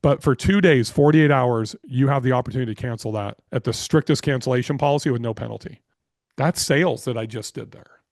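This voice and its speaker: A man guesting on a podcast, telling business stories in an energetic, blunt way and swearing freely. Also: medium pitch, a little fast, dry recording, clean studio sound. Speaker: podcast guest, real estate investor. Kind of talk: casual interview storytelling.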